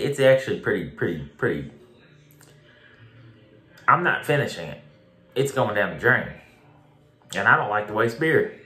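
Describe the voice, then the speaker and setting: A man with a mid-range, fairly bright voice reviews a beer bluntly and casually, in an echoey room. He repeats himself for emphasis and swears now and then.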